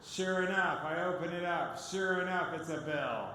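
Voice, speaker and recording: A man gives his personal testimony as a guest speaker, telling it as an animated story and acting out the dialogue. His voice sits high and bright. The recording rings with long reverb from a large hall, with a faint hiss behind it. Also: moderate pace.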